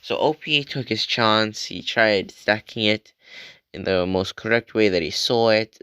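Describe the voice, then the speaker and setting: Low, smooth young man narrating casually. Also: measured pace, dry recording, dull audio. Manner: relaxed, frequent "like" and "right?" tags. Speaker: channel host retelling an online post.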